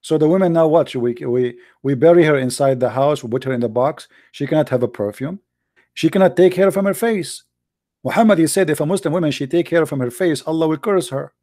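A man's voice: a little high, brisk, dark tone, dry recording, clean studio sound. Combative man in a heated debate. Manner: combative, sarcastic, broken English with repeated restarts. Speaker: debate show host.

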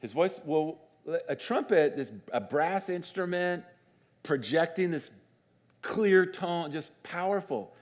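A man preaching a sermon as pastor in a church, conversational and animated, often asking the congregation questions. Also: fairly high pitch, slow. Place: church sanctuary.

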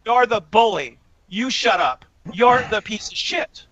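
A woman in a heated online debate, shouting insults again and again at her opponent. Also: on the high side, expressive, measured pace, over a noisy crowd. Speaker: debate guest. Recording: dry, dull lo-fi audio.

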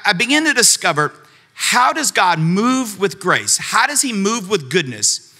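Bright, high-voiced energetic preacher. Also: male voice. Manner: energetic, calls out to the congregation. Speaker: pastor. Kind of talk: sermon. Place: church auditorium.

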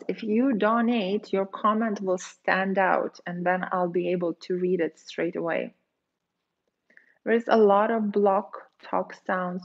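A woman dating coach talking casually on a livestream, chatty and quick, acting out the voices she quotes. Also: mid-range voice, dull audio. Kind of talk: casual livestream advice, reading viewer comments.

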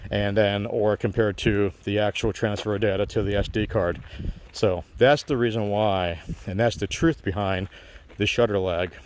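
A man's voice: on the low side, steady tone, normal speed, a little mellow, slight background noise. A man casually explaining phone tech to viewers, rambling with many fillers and restarts. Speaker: channel host giving phone advice.

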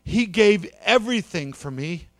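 A man's voice: sits high, animated, a little slow, no room sound, clean studio sound, voice pushed up. A man voicing a tearful older mother who speaks tenderly to a group of children.

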